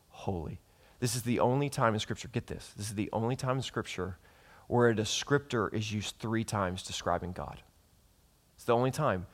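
A man preaching a sermon as a pastor, emphatic, repeating words for stress and putting questions to his listeners. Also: medium pitch.

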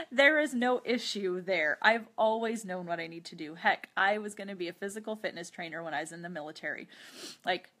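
A woman with a lowish, fairly bright voice hosts her own podcast at a moderate pace, speaking earnestly and openly about a personal struggle. Her confessional talk includes prayer and chatty asides with light laughs, and she sounds teary from having cried.

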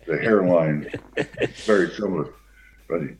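An older man, a former pro football player, telling a long anecdote as an interview guest in a relaxed, rambling way with many fillers. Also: sits low, moderate pace, slight background noise. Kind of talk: anecdotal storytelling. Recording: dull lo-fi sound.

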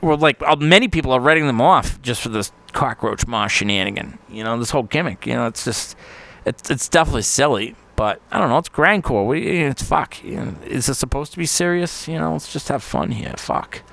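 A man's voice: mid-range voice, lively intonation, a little fast, gravelly, fairly bright tone. A man hosting a podcast, rambling casually in a monologue, swearing constantly and laughing often. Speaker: podcast host.

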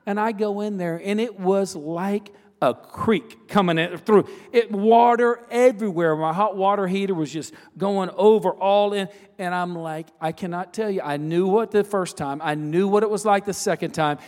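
A man's voice: high voice, normal speed. A man preaching a sermon as a pastor, telling a personal story in a conversational way with asides and repeated phrases. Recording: long reverb of a large hall.

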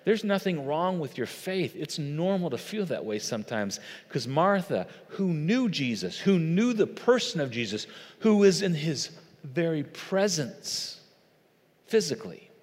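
A male pastor preaches earnestly and conversationally, talking straight to his audience. His slightly high, somewhat dark voice swings widely in pitch and moves a bit slowly, echoing through a large hall.

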